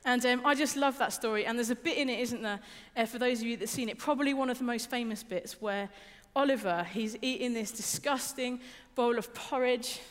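A woman's voice: on the high side, fairly quick, hardly any pauses. A young adult woman giving a conversational sermon, informal and personal, often repeating words and asking the listeners questions. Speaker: preacher. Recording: reverberant hall.

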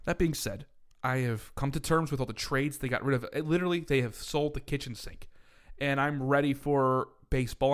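Joking, profane male podcast co-host. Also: fairly high pitch. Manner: profane, joking, laughs often. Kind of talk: casual banter about baseball.

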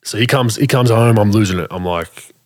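Lively low-voiced man telling a story. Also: a little fast. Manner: animated, acts out quoted dialogue, frequent restarts. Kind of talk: casual storytelling.

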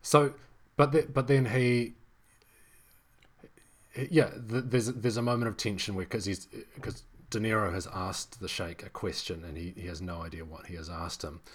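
A man with a very low, deep voice co-hosts a film podcast. He speaks casually and rambles, restarting phrases and leaning on fillers as he works through his point. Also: normal speed. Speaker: podcast co-host. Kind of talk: casual film review chat.

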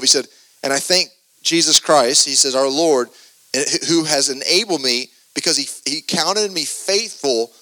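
A man preaching a podcast sermon, earnest and animated, reading scripture with emphatic stress and loose restarts. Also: high-pitched, low-quality recording.

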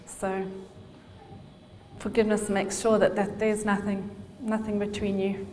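Middle-aged woman, gentle, hesitant delivery, mid-pitched, hall reverb behind her. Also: level tone, unhurried, soft background music. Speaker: pastor's wife. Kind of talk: sermon. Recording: reverberant hall, faint noise.

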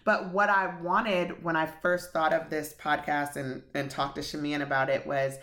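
A woman talks as a guest on a relaxed podcast, telling the story behind her own show in long, filler-laden stretches. Her voice is bright and forceful and sits slightly low. The delivery stays easygoing and conversational. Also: normal speed. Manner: chatty, explains at length with many fillers.

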